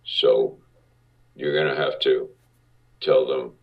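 A man putting on a deep, commanding older producer. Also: fairly even intonation, slow, full character voice. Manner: commanding, terse. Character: gruff older male film producer, blunt. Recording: distant, dull lo-fi audio.

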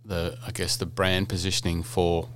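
A man's voice: sits low, flat delivery, normal speed. A man hosting a podcast interview, speaking conversationally and thinking aloud with lots of "you know". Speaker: podcast host.

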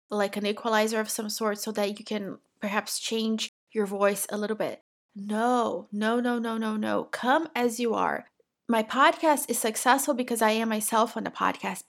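A woman's voice: fairly high pitch, fairly bright tone. A middle-aged woman from Brazil with a Brazilian accent, hosting her podcast in a direct, encouraging way. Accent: Brazilian Portuguese. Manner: direct, encouraging, talks straight to the listener. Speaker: podcast host. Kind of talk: casual solo podcast talk.

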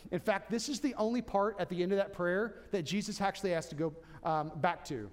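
A man's voice: sits high, brisk, hardly any pauses. A man preaching a sermon as pastor, emphatic, repeating key points and restarting phrases.

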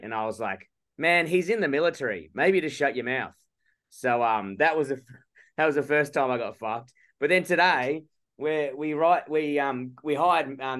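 Calling in from abroad by phone or laptop, a young Australian podcast co-host spins a casual story laced with swearing and mock outrage. His medium-pitched voice is clear, resonant, and a bit bright.

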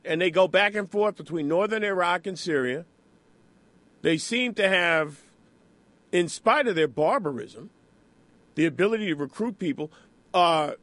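A man hosting a political radio talk show in a studio, talking in an animated, rhetorical, conversational way. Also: high voice, no echo.

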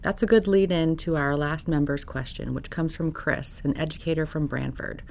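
Low, gravelly woman reading a question. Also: steady tone, normal speed, darkish tone. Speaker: podcast co-host.

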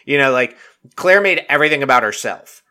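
Animated and brisk, this man's medium-pitched, sharp voice carries a loose, rambling TV recap. He's a reality TV recap vlogger in casual chat mode, leaning heavily on filler words and swearing without restraint.

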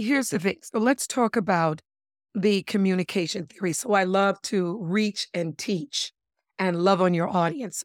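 In a casual interview, a female body language expert talks in an animated, emphatic way, playing with words and calling listeners "my lovelies". Her voice is medium-pitched, and the clean studio recording has no room sound.

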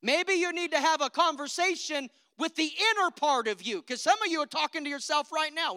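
High, bright-voiced rousing woman preacher. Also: a little fast, dry recording, clean studio sound. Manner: emphatic, rousing, calls for amens. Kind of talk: sermon.

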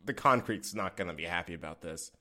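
A man co-hosting a podcast, joking in casual chat as a deadpan mock expert. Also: sits low, fast. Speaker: podcast co-host.

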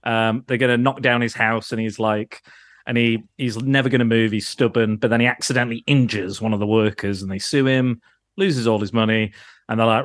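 His pitch is medium and his intonation fairly even as he talks briskly, co-hosting a podcast in relaxed chat. The adult man, who grew up in the nineties, rambles, runs himself down, and swears and laughs frequently, all captured in a clean studio recording with no room sound.

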